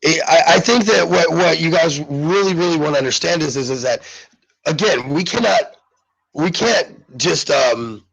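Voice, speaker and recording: A man's voice: a little high, normal speed, creaky, fairly bright tone, husky, poor audio. A man hosting a live talk radio show, chatting casually in a rambling way with lots of fillers and restarts. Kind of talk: casual live-stream chat.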